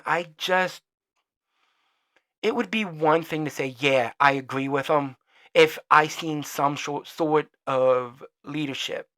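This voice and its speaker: A man hosting his own podcast, speaking in a heated, profane and rambling rant, and he gets quieter as he signs off. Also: a little high. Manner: trails off quieter when signing off. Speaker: podcast host. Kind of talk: solo opinion rant.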